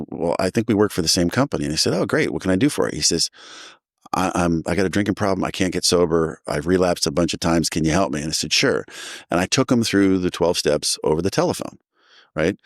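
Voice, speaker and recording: A middle-aged man tells a long personal story in a low, close, dry voice. He is animated and jumps into the voices of the people he quotes. It sounds like relaxed conversation rather than a prepared talk. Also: fast, no room sound. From New Jersey. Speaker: guest sharing recovery story. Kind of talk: casual storytelling.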